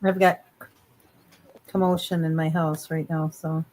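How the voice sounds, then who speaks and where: A woman's voice: sits low, flat delivery, unhurried, crowd noise, rough recording. A woman on a casual panel over a video call, giving brief, hesitant replies.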